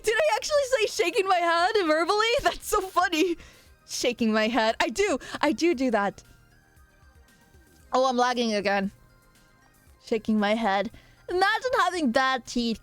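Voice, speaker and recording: A young woman chats live with her viewers in a bright, higher voice that sits close and dry on the mic. She teases them playfully and fires off quick asides. Soft background music runs underneath. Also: dry recording. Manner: playful, teasing, quick asides and frequent laughter. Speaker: streamer. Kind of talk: casual live-stream chat reading viewer comments.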